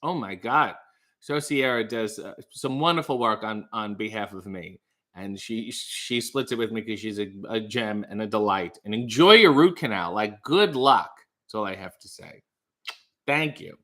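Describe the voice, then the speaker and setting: A man's voice: fairly low pitch, animated, normal speed, bright, forceful tone. A man hosting a casual livestream from home, reading viewers' comments and answering them with dry, sarcastic asides. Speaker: livestream host.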